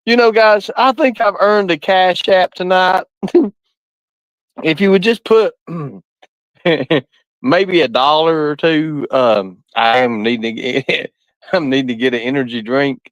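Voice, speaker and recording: A man's voice: fairly high pitch, unhurried, smooth, dry recording. A man chatting on a live stream, laughing constantly and cursing freely. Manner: laughing nonstop, profane. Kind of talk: casual live-stream chat. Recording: dull lo-fi dry sound.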